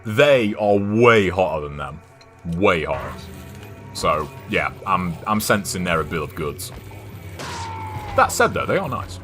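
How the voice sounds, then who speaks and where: Deep-voiced English man, chatty streamer. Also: very animated, a little slow, pauses often, fairly bright tone, soft background music. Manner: rambling, chatty, swears casually. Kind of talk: casual chat while gaming.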